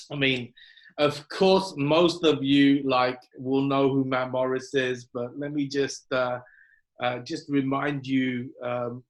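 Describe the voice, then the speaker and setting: Male host, mid pitch, chatty upbeat coaching-call voice with plenty of ums, video-call sound. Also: poor audio. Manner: casual upbeat greetings, many fillers.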